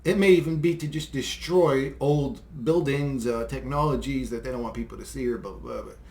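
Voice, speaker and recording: A man's voice: medium pitch, a little fast, gravelly, darkish tone, echoey room. A man delivering a rambling, profane, exasperated monologue, full of fillers and short laughs. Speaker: solo video creator. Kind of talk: casual monologue rant.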